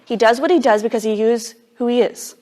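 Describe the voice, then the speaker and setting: A woman's voice: fairly high pitch, steady tone, fairly quick, a little mellow. Woman teaching a casual, emphatic sermon. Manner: casual and emphatic, with frequent "like" fillers. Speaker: Bible teacher.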